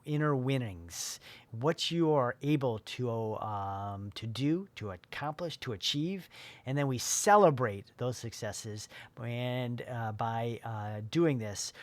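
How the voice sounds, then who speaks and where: A man's voice: mid-range voice, dry recording. A man in his forties or older, a life coach giving a loose, filler-heavy motivational talk with many restarts.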